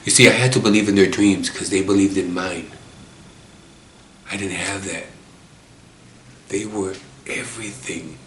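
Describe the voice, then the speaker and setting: A man's voice: low voice, unhurried, pauses often, fairly bright tone, echoey room, a little hiss or hum. A man from Chicago telling his own life story in an earnest, emotional, repetitive way, close to tears. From Chicago, USA. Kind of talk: emotional personal monologue.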